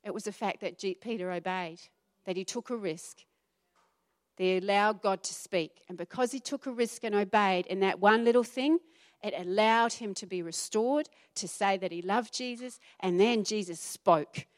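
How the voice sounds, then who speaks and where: A middle-aged woman pastor preaching a sermon, acting out the voices she quotes with animated emphasis. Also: medium pitch, moderate pace.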